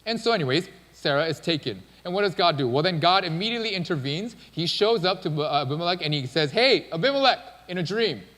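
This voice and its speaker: A man's voice: fairly high pitch, animated, fast talker, few pauses, fairly bright tone. A male pastor preaching a sermon in a casual, conversational storytelling manner. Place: church sanctuary. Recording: long church-hall reverb.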